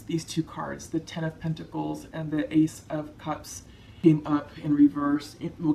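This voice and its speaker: A woman giving a tarot card reading to her viewers, soft-spoken, emotional and reassuring. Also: deep voice, creaky, a little hiss or hum. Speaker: tarot reader.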